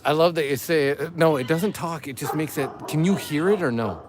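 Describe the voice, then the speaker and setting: A man's voice: fairly high pitch, a little fast, background noise. A man hosting a casual live chat by a backyard fire at night, joking and laughing as he talks to viewers. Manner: joking, laughs often, reads chat aloud. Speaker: livestream host, father.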